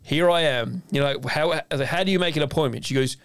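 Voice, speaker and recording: A man, co-hosting a chef podcast, telling a story in a lively, casual way, acting out the voices of the people in it and swearing freely. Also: a little high, a little fast, clean tone, no echo.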